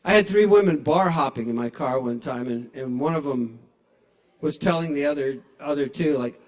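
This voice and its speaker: A man's voice: on the high side, moderate pace. A man in his sixties doing a stand-up comedy set in a small bar, telling wry, profane stories into a stage microphone. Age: 60s.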